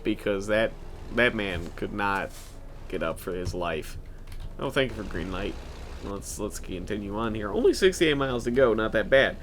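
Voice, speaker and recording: A man's voice: fairly low pitch, expressive, moderate pace, fairly bright tone, slight background noise. A young man giving let's play commentary, grumbling sarcastically and swearing as he plays. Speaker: gaming video host.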